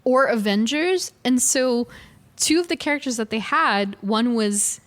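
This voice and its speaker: A woman in her forties co-hosting a casual podcast chat, telling stories animatedly and correcting herself as she goes. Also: on the high side. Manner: animated storyteller, quick self-corrections. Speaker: podcast co-host.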